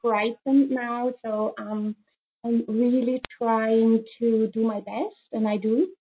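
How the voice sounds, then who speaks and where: A woman's voice: fairly high pitch, flat delivery, slow pace, a little hiss or hum. A woman in her fifties from Switzerland, calling in to a show; she is crying and speaks hesitantly, with many fillers. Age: 50s. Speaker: caller. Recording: tinny phone-line audio.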